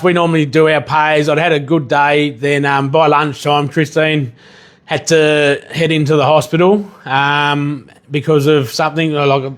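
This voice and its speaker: A man hosting a casual livestream while he cooks. He rambles, swears casually and bursts into excited yelling now and then. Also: a little high. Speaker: livestream host and chef.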